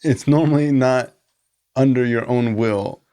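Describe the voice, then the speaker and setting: A man's voice: medium pitch, steady tone, measured pace, dark tone, smooth. A man hosting a podcast, prompting his guest with short affirmations and questions. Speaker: podcast host. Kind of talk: casual interview chat.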